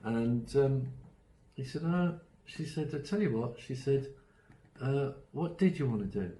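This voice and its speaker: This man's medium-pitched, warm voice moves with lively intonation at a slightly slow pace, captured as poor audio in an echoey room with faint background noise. Leading an online autism-strategies workshop, he spins casual stories, performs quoted voices, and keeps stumbling into ums and fresh starts.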